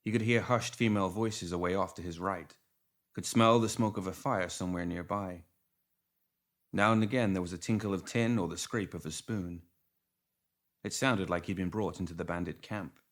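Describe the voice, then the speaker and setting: A man reading a fantasy story aloud as audiobook narrator, with expressive storytelling. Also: deep voice, normal speed. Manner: expressive storytelling, lively intonation. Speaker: audiobook reader. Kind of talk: scripted narration.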